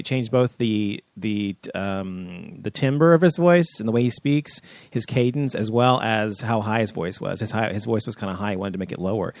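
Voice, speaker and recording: A man's voice: mid-range voice, no echo. A man hosting a casual group discussion, rambling with many fillers as he steers the conversation. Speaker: podcast host.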